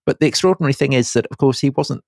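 Brief: male podcast co-host, deadpan wit, mid pitch, dry close sound. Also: rapid-fire, creaky, no room sound. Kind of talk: casual chat.

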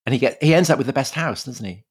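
A man co-hosting a podcast, chatting in an animated way with quick, jokey interjections. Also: medium pitch, breathy edge. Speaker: podcast co-host. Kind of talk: casual chat.

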